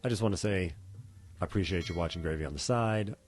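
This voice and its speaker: A podcast host with a low, slightly mellow voice talks fast in a casual solo monologue. He rambles, filling his speech with fillers and frequent restarts.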